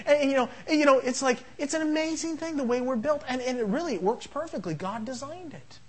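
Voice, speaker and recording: A man's voice: extremely high pitch, fast, few pauses, rough recording. A middle-aged man preaching a sermon, telling family anecdotes and acting out both sides of conversations with humor. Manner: anecdotal, jokey, acts out dialogue. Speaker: pastor.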